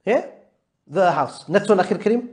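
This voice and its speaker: A man's voice: high-pitched, expressive, moderate pace, a little mellow. A man teaching a live Arabic grammar class, patiently quizzing his students and mixing English with Arabic terms. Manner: patient, drills students with repeated questions.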